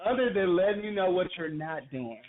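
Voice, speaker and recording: A man's voice: high-pitched, expressive, brisk. A man co-hosting a call-in podcast, talking casually and repeating himself with frequent laughs. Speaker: podcast co-host. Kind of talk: casual radio talk. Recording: phone-like call-in radio audio.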